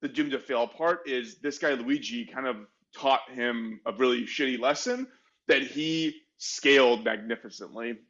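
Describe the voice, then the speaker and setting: A man's voice: mid-range voice, measured pace, a bit bright, highs cut off. Chatty man telling a history story. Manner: chatty, frequent "like" fillers, self-mocking asides. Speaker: podcast co-host. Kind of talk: casual conversational storytelling.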